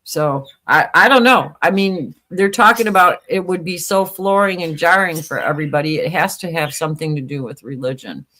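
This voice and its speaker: A woman co-hosting a casual talk show, speaking in an animated way with frequent restarts. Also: deep voice, normal speed, few pauses. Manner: animated, laughing, talks through ideas in restarts. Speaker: co-host.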